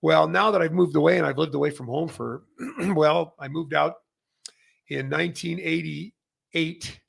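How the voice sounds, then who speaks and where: A man's voice: on the high side, a little slow, gravelly, slightly rough. A middle-aged man from Canada hosting a casual industry update, rambling with many fillers and restarts. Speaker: massage chair retailer and show host.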